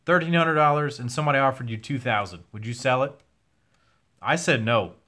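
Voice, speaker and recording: A man's voice: mid-range voice, a little fast, sharp tone. A young man answering viewer questions on a casual livestream, candid and a bit profane, his voice wearing out. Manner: candid, swears now and then, reads chat questions aloud. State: losing his voice.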